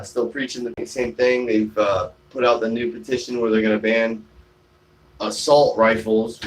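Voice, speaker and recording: A man speaks casually on a live stream, recorded on his phone outdoors on a shaded porch. His voice sits a little low, and he rambles, trailing off and restarting as he answers viewer comments. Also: slight background noise. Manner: rambling, many fillers and restarts.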